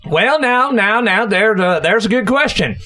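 A man doing a loud drawling Southern good old boy. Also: high voice, animated, unhurried, heavily acted. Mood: blustering. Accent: put-on Southern US. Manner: bossy, hollering, drawling. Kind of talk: amateur comedy sketch.

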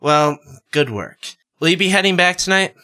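An excitable young male crime-fighter from a space adventure audio drama, with a lowish, bright, lively voice, as a woman acts him out. He talks briskly and teases his friends. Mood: cheerful.

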